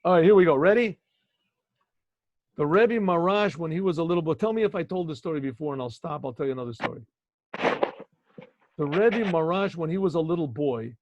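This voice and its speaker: A man's voice: fairly high pitch, darkish tone, no echo. A male rabbi telling a story in a chatty, digressive way, checking in with his listeners, on a video call with dull lo-fi audio. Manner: conversational, digressive, asks listeners. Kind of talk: storytelling lesson.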